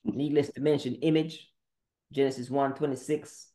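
A man's voice: medium pitch, fairly even intonation, moderate pace, mellow. A man preaching a sermon monologue, firing off terse Bible verse citations in a confrontational way. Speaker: podcast preacher. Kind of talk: scripture-citing sermon monologue.

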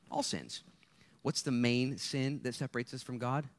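A man's voice: medium pitch, moderate pace. Joking, casual young male preacher. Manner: joking, conversational, swings from hushed to loud. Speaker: guest speaker. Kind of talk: casual campus sermon.

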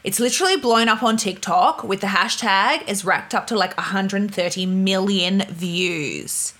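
A woman's voice: mid-range voice, unhurried. A young woman vlogger telling stories casually and with energy, laughing often and acting out the people in them, over a humming laptop. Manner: animated, laughing, acts out voices in stories. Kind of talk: casual storytelling to camera. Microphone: laptop mic. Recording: laptop fan humming behind.

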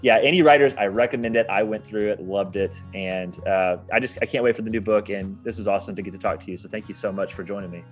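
A man's voice: on the low side, fast talker, few pauses. A young man hosting a podcast, chatting casually with a guest, upbeat and laughing often. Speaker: podcast host. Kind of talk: casual interview chat and outro. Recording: music bed behind the voice.

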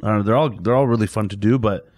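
A man's voice: lowish voice, very fast, darkish tone, no room sound, clean studio sound. A young man, a comedian guest on a podcast, talking casually with plenty of fillers and self-deprecating rambles. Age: young adult. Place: podcast studio.

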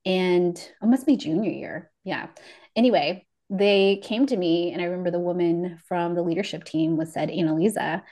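A woman with a fairly low voice and moderate pace tells her life story as a guest in a casual podcast conversation. Lively, she acts out the voices of people she remembers and often laughs mid-sentence.

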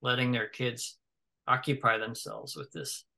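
A man's voice: mid-range voice, animated, a little slow, pushed and bright. A man from the American South, a guest in a casual conversation, rambling and thinking aloud with many fillers and restarts.

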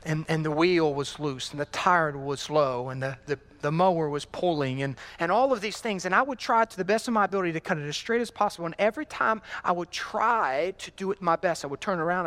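A man's voice: fairly high pitch, a bit bright. A male pastor preaching a sermon, telling stories and asking the congregation rhetorical questions, often repeating his phrases.

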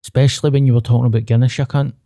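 A Glaswegian man chats on his podcast in a blunt, sweary way, speaking openly about his own struggles. His voice is dark and mellow, recorded dry and close. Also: mid-range voice, little pitch movement, very fast, no echo. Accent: Glaswegian Scottish. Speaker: podcast co-host. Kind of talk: casual podcast chat.

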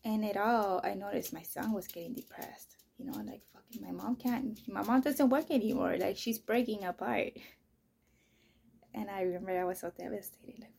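A woman hosting her own podcast, telling a personal story in a casual, rambling, profane way, full of "you know" and "like", often dropping into soft, breathy near-whispers. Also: mid-range voice, normal speed, a little hiss or hum. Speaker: podcast host.

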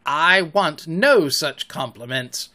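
A man voicing a brooding, vengeful male pirate captain in an audiobook, with a slow, forceful, theatrical delivery. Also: a little high, very animated, full character voice. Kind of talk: audiobook character voice.

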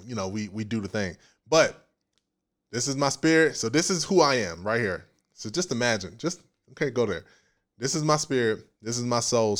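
A man preaching a casual sermon in an animated, playful way, with slang and frequent laughs. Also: medium pitch.

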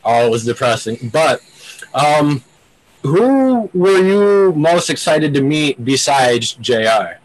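A man's voice: fairly high pitch, big pitch swings, takes it slowly, rough recording. A man interviewing a guest, asking easygoing questions with a few fillers. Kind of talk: casual interview.

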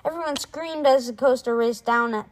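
A woman's voice: high-pitched, normal speed, rough recording. Woman reading a children's book aloud. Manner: lively, voicing characters. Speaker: reader.

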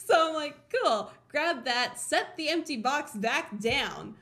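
A woman from Colorado hosting a podcast, telling a rambling everyday story in a casual, animated way, laughing often, swearing freely and acting out her own thoughts. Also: high voice, slight background noise. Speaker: podcast host.

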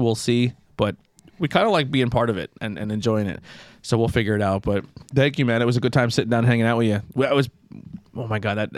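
A man's voice: medium pitch, no echo, studio quality. A man hosting a podcast, talking loosely and rambling, swearing freely as he goes. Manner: loose, profane, rambling storyteller. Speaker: podcast host. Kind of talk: casual chat. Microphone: podcast microphone.

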